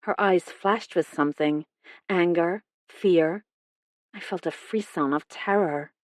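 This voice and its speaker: A woman narrating a mystery audiobook in the first person, with clear, even storytelling. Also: lowish voice, slow, dry recording, clean studio sound.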